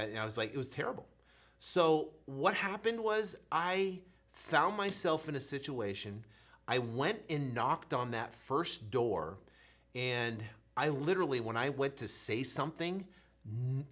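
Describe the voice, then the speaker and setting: Bright-voiced man telling a lively pitch story. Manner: animated, swings loud and soft, acts out his own stammering. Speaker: real estate coach. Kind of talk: motivational storytelling.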